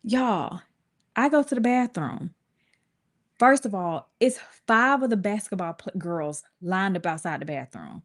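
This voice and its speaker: A woman in her thirties telling a personal story to her viewers in casual, colloquial talk, with her pitch jumping up when she acts out quotes. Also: a little slow. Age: 30s. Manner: lively, colloquial, swings into high acted voices for quotes.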